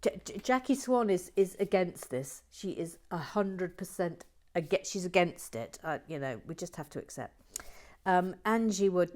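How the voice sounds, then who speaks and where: A woman hosting a brick-building livestream in whispered chat. She shifts from soft whispers to playful, excited asides. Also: lowish voice, normal speed.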